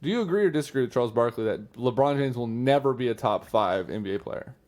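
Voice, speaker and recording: A man's voice: mid-range voice, animated, quick pace, a little mellow. A man co-hosting a sports talk podcast who reads news items aloud, then riffs casually and swears freely. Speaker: podcast co-host.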